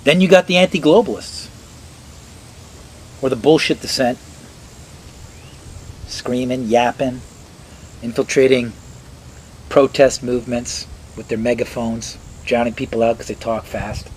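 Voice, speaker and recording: A man rants in a loose, sarcastic way, cursing and switching into squeaky mocking voices. His pitch sits in the middle range. A faint noise runs under the recording. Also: unhurried, long pauses, poor audio. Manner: sarcastic, swears, jumps into high mocking voices. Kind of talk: mocking casual rant.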